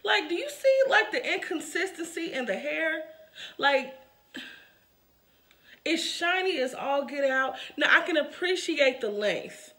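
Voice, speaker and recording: High, bright-voiced exasperated woman vlogger. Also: unhurried. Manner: exasperated, emphatic, addresses viewers directly; animated, laughs through complaints. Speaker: wig reviewer and channel host. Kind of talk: casual review vlog.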